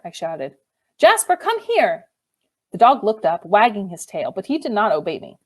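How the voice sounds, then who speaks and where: With measured expressiveness, a woman at medium pitch reads a novel told in the first person, working as the audiobook's narrator.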